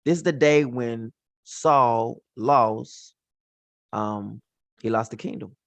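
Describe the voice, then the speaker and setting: A man's voice: mid-range voice, takes it slowly, creaky, fairly bright tone, dry recording. A man teaching from the Bible in an informal, slangy way, acting out the characters' lines as he retells the stories.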